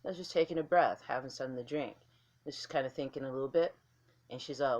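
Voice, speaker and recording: A woman's voice: a bass voice, quick pace, darkish tone, dull audio. Blunt, profane woman vlogging. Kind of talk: casual talk to camera.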